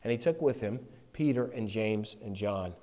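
A man preaching a sermon, moving between loud, emphatic passages and quiet, close asides. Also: lowish voice, moderate pace. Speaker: pastor. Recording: long hall reverb.

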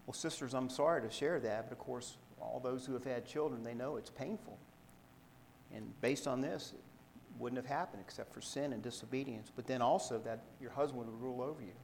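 A man preaching a sermon, reading scripture aloud in a measured way and explaining it to the congregation. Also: mid-range voice, steady tone, in a large hall, slight background noise, rough recording. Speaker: pastor.

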